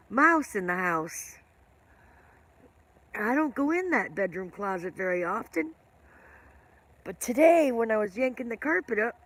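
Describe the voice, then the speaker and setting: A woman's voice: fairly high pitch, a bit bright, no room sound. A middle-aged woman chatting casually with viewers on her livestream, rambling from story to story and greeting people by name. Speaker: livestream host.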